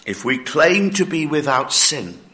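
Slow, emphatic male preacher, breathless. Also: on the high side, very animated, pushed and bright. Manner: slow, emphatic preaching with acted-out listener objections. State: short of breath, coughing. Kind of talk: sermon.

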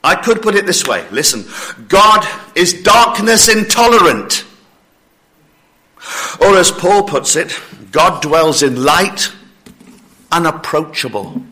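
Male preacher, breathless and coughing, slow emphatic sermon, fairly high bright voice. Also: big pitch swings. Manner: slow, emphatic preaching with acted-out listener objections.

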